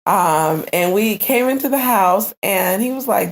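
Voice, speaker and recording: A woman's voice: medium pitch, a little slow, a little hiss or hum. A woman co-hosting a casual chat, telling a funny story with lots of laughter and acted-out quotes. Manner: animated, laughing, acts out quotes. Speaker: podcast co-host.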